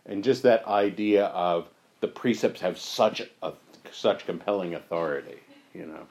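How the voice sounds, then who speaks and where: A man leading a reflective discussion on spiritual teachings, thoughtful and unhurried, his voice going hoarse. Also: low-pitched, darkish tone. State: losing his voice. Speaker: discussion leader.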